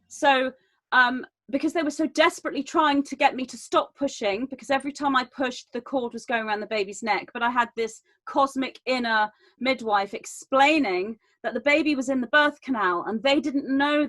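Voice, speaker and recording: A woman telling a personal story in a panel talk, earnest and animated, with frequent restarts. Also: sits high, moderate pace, no echo. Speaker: round table guest.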